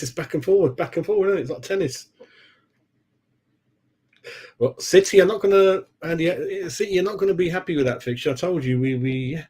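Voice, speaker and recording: A man's voice: medium pitch, darkish tone. A man hosting a football fan channel, chatting casually with live-stream viewers, laughing often and calling everyone mate.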